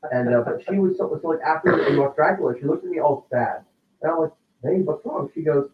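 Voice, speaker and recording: A man's voice: a little high, fast, a little hiss or hum. Rambling man on a tinny far mic. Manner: rambling, full of fillers. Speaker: podcast guest. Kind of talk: casual chat. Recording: tinny, roomy sound from far off.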